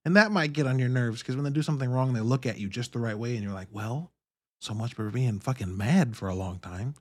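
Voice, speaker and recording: A man in his thirties hosting a podcast, talking in a candid, profane, animated monologue. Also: medium pitch, fairly quick. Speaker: podcast host. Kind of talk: casual monologue.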